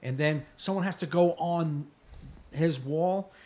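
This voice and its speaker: A man's voice: a little high, slow, a little mellow. A man co-hosting a podcast in casual chat, ranting bluntly and with plenty of swearing, and often tossing in short agreeing replies. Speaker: podcast co-host.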